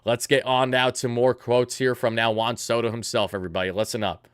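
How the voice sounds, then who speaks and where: A man's voice: medium pitch, flat delivery, a little fast, smooth, no room sound, studio quality. A man in his twenties hosting a casual sports livestream, earnest and emotional as he reads out viewer donations. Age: 20s. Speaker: livestream host.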